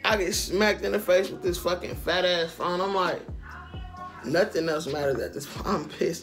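High-voiced man telling a slangy story. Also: lively intonation, normal speed, fairly bright tone, soft background music. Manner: slangy and profane, with frequent asides to the listener. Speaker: storytime vlogger. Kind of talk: casual storytelling to camera.

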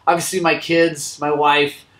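A man who owns a motorcycle shop tells his own story in a heartfelt, halting way, recorded inside his shop. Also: on the high side, level tone, fairly bright tone, echoey room, poor audio. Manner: earnest, heartfelt, halting with restarts. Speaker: motorcycle shop owner and channel host. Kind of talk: personal storytelling to camera.

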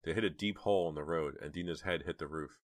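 Very deep-voiced man reading a thriller. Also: fast talker, no room sound, clean studio sound. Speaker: audiobook narrator. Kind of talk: audiobook reading.

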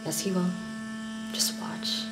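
An actress playing a soldier fighting PTSD, her voice strained and moving between hushed whispers and sudden outbursts. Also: slow pace, background noise, lightly acted. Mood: self-loathing. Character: soldier woman battling PTSD and inner self-loathing. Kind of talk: film drama acting.

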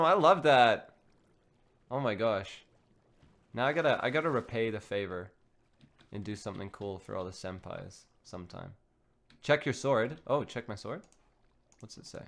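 A young man streaming a game in a casual, giggly way, thinking aloud and chatting excitedly with his viewers. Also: medium pitch, slow, pauses often. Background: faint background music.

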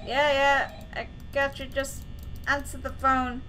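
Female horror game host, jittery self-talk, bright tense voice, faint hiss underneath. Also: high-pitched, flat delivery, slow pace. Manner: jittery, talks to the game's characters, nervous self-talk. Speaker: gaming video host.

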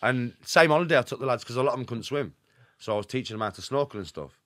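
Middle-aged Birmingham man, podcast guest: rapid, animated storyteller with a lively pitch, emphatic and chatty. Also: dry recording, studio quality. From Birmingham, England. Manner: animated, emphatic, rapid anecdotes with constant check-ins. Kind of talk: casual storytelling.

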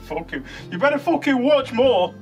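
A man's voice: very high voice, sing-song, moderate pace, lo-fi sound, soft background music. A man bantering and swearing while helping lift heavy furniture. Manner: joking, sweary.

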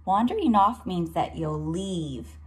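A teacher reading a picture book aloud to young children, pausing to explain words and point at the pictures. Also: female voice, on the low side, animated, a little mellow.

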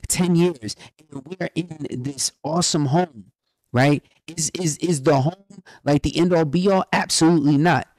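A man's voice: on the high side, normal speed, darkish tone, no room sound. A man co-hosting a faith podcast, reading scripture and urging listeners with preacher-like repetition. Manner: preacherly, reads scripture aloud, urgent repetition. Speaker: podcast co-host. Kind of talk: faith-based podcast exhortation.

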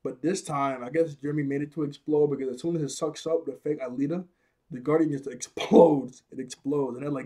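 A man recaps a cartoon episode in easygoing, slangy talk, laughing and correcting himself as he goes. His voice is husky and mellow, and it sits slightly higher than average. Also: fairly even intonation, fairly quick.

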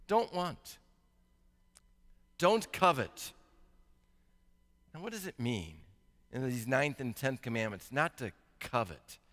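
A male pastor preaching to his congregation in a church sanctuary. His voice is bright and ringing and sits a little high, and it carries a long reverb through the hall. He slows down for scripture readings and then builds to an emphatic, rising pitch. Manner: reads scripture slowly and deliberately. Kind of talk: sermon.

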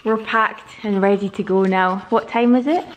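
A young woman, chatting excitedly to a handheld camera in a casual vlog and laughing often. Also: mid-range voice, moderate pace. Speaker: vlogger.

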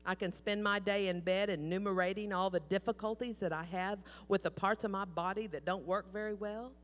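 A woman speaking as a cheerful ninety-two-year-old man, calm and steady as he explains his outlook. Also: medium pitch, brisk, long reverb tail, close to an everyday voice.

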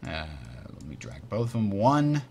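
A man hosting a board game tutorial, explaining rules in a chatty way and muttering while he works the software. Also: lowish voice, very animated, moderate pace, slight background noise. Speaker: host teaching a board game. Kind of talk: casual tutorial over online play.

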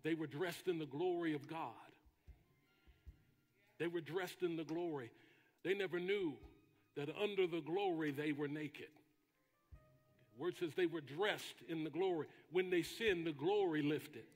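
A man preaching a sermon as pastor, with dramatic pauses and bursts of shouting. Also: on the high side, long reverb tail, soft background music. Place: church sanctuary.

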